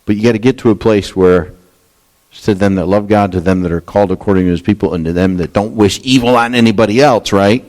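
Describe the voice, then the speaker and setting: A man preaching a Bible study sermon, talking candidly and conversationally, rising into animated quoted lines. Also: fairly low pitch, fast talker. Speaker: pastor. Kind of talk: expository sermon.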